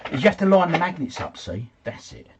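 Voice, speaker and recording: A man's voice: on the high side, sing-song, a little fast, lo-fi sound, noisy background. A man hosting a casual quiz livestream from home, chatting, chuckling and answering comments from his viewers.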